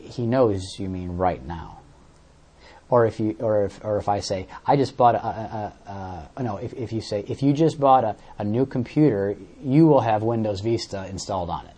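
A man's voice: lowish voice, moderate pace, warm tone, husky. A man preaching a sermon, explaining verses with everyday examples and often repeating words as he searches for the next phrase.

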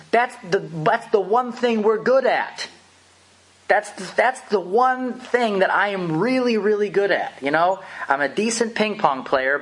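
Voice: mid-range voice, a bit bright, breathy edge. A preacher delivering an impassioned, emphatic sermon, full of rhetorical questions.

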